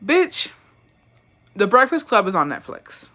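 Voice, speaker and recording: Host ranting casually, foul-mouthed and worked up, with a bright, sharp edge. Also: medium pitch, normal speed. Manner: profane, animated, swears constantly. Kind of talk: casual rant.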